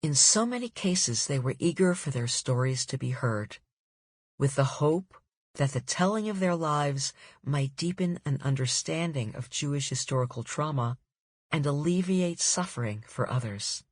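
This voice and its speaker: A woman author reading her own nonfiction audiobook in a measured, deliberate way. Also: a bass voice, breathy edge, no echo, clean studio sound.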